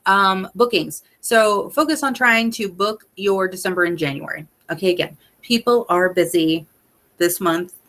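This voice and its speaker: A woman's voice: lowish voice, normal speed, a bit bright. A young woman giving a casual motivational talk to her sales team, chatty with many fillers, earnest and openly emotional. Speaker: independent sales consultant.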